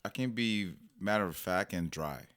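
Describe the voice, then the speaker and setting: Deep-voiced man, dry close sound. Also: normal speed, clean tone, no room sound. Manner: animated storyteller, acts out family exchanges. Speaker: podcast guest, personal trainer and father. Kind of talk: conversational podcast interview.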